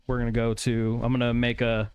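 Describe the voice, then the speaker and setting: Blunt, profane tabletop player. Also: male voice, mid-range voice, completely flat delivery, brisk, a little hiss or hum. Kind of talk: casual tabletop role-play.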